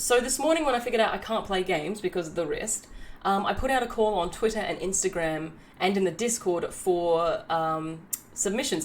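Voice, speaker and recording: A woman's voice: on the low side, slight background noise. A woman hosting a live stream, bubbly and chatty as she greets viewers and narrates community stories. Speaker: livestreamer.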